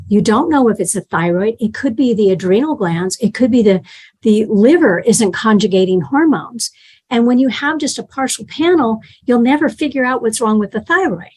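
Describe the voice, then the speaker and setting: A woman's voice: a little high, a little mellow, slightly rough. A middle-aged woman teaching a health class in a conversational way, checking in with her listeners and telling patient stories. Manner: conversational, tells patient stories, acts out quotes.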